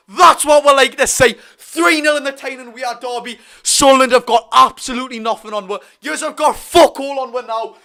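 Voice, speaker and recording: A young man with a Geordie accent doing live fan play-by-play of a football match, partisan, repetitive and excitable, breaking into loud celebrating. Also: very high voice, normal speed. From North East England. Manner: partisan play-by-play with repeated phrases. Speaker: fan watch-along streamer.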